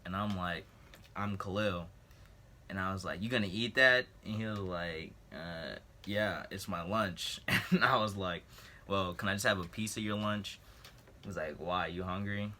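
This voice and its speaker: Teen male vlogger with a low, forceful voice, loose and rambling as he tells a school story. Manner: rambling, jokey asides, clears throat often. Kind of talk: casual storytelling.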